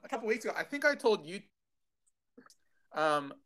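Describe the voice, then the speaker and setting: A man's voice: sits high, big pitch swings, moderate pace, fairly bright tone, a little hiss or hum. A young man, co-hosting a podcast in playful casual chat. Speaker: podcast co-host.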